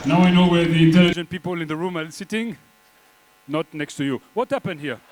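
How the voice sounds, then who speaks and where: A man's voice: fairly high pitch, fairly quick, noisy background, natural voice. A man doing a cheeky French coach. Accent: French (put on). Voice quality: heavy put-on French accent, cheeky crowd-teasing. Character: boastful French coach, teasing, adult man. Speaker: comedian in character. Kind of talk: live stand-up character act. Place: large function room at a lunch event. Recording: echoey hall from far off, loud crowd.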